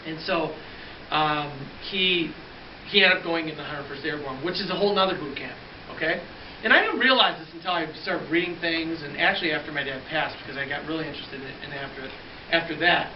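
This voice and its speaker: A fairly high-voiced man teaches a class, spinning a story and jumping between voices as he acts out each exchange. He is recorded from across a roomy classroom on a dull, lo-fi track with a soft hiss underneath. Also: a little fast, distant mic. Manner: animated, acts out dialogue with shifting pitch. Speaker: history teacher.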